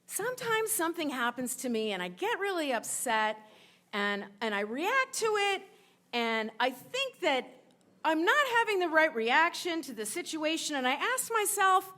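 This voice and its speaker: A woman quoting her fourteen-year-old son's earnest, confiding words in her own bright voice. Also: sits high, big pitch swings, normal speed, pitched above the performer's own voice, exaggerated voice. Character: earnest teenage boy, gentle and thoughtful.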